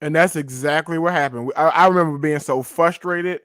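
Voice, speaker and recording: A man on a faith-based podcast tells a personal story in a fairly high voice. He talks casually and easily. The recording is dry. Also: moderate pace, fairly bright tone, no room sound. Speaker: podcast co-host.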